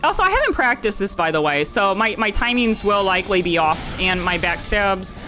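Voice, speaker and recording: A woman's voice: medium pitch, fairly quick, soft background music. A young woman streaming a game live, chatting with her viewers and breaking into laughs and shrieks. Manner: giggly, excitable, shrieks at danger. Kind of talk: live gameplay commentary with chat.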